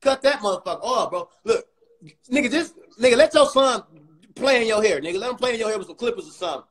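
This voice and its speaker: A man with a strikingly high voice runs a profane comic roast on a livestream. He talks loudly and mockingly, firing one insult after another at the person he is arguing with. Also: lively intonation, rough recording. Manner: loud, mocking, rapid insults. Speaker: comedian host.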